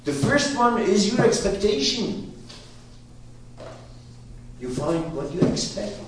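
A man whose first language is Persian, teaching a class in an emphatic, animated way that swings from loud to hushed, recorded from a distance in an echoey room. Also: sits high, slow, heavy background noise. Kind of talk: lecturing a class.

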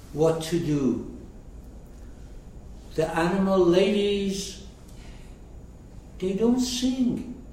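A man's voice: a little high, mellow, slight background noise. A man teaching, who explains a story to his listeners and keeps checking in with rhetorical questions. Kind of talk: lecture commentary. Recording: echoey room, mic far off.

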